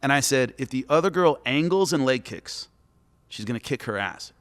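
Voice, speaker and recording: Man, former fighter, bright tense voice, lively pitch, long hall reverb, storytelling. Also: moderate pace. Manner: lively, acts out quotes, coach-like advice. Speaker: former fighter and commentator, guest. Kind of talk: animated storytelling in a podcast chat.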